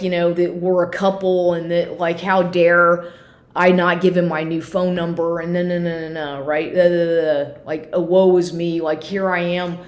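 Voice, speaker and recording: A woman telling a story in a casual monologue, rambling, swearing often and sounding exasperated. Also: lowish voice. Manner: profane, rambling, exasperated retelling. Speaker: vlogger. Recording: roomy echo.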